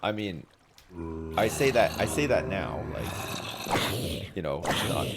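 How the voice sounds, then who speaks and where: A man streaming a game live, chatting casually with viewers, joking, swearing and telling stories with animated energy. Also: low voice, slow pace, heavy background noise. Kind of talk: casual live-stream chat while gaming.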